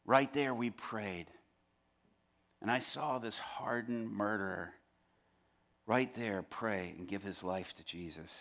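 Bright-voiced dramatic male preacher. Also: fairly low pitch, takes it slowly, long pauses. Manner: dramatic, often dropping to a hushed voice for emphasis. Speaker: preacher telling a testimony. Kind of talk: dramatic sermon storytelling.

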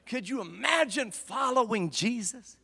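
A man preaching a sermon, impassioned, swinging from hushed storytelling to shouting. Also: very high voice, animated, a little slow, vocal fry, breathy edge. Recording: long reverb of a large hall.

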